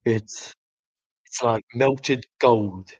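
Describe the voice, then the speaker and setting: A man's voice: medium pitch, slow pace, no echo, lo-fi sound. A man doing a jolly cider-loving badger. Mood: rapturous. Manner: gasping, rhapsodic.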